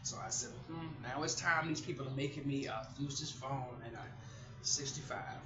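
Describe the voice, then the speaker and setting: A woman's voice: rumbling low, normal speed. Woman vlogger, middle-aged, chatty and rambling, recorded in an echoey room with dull sound. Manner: chatty, rambling, animated storytelling. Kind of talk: casual chat to viewers. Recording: roomy and slightly muffled.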